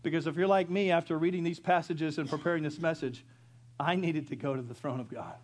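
A middle-aged man preaching a sermon as pastor, telling a story quietly and then rising into loud, impassioned preaching. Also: a little high, fairly quick.

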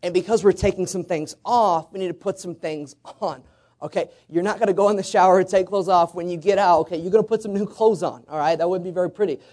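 A man's voice: high voice, quick pace, a little mellow. A male pastor preaching a conversational sermon in church, coaxing the congregation to call back responses.

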